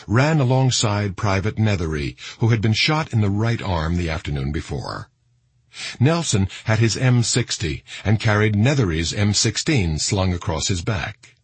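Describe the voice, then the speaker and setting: Deep, very husky male narrator. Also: dry recording. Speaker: audiobook narrator. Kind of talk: scripted narration.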